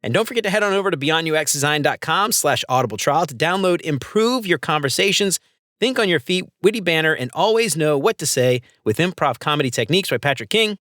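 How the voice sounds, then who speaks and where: A man's voice: a little high, animated, fast talker, a bit bright, no echo, clean studio sound. A man hosting a podcast, reading an upbeat outro with sponsor plugs and speaking straight to his listeners. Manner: upbeat, promotional, addresses listeners directly. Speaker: podcast host. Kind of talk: scripted show outro with sponsor reads.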